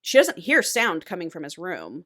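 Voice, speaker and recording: A woman with a lowish voice retells a novel in an animated, casual podcast style. She swears freely as she goes. The sound is dry and close, with no room echo. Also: normal speed. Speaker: podcast co-host. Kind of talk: casual book recap.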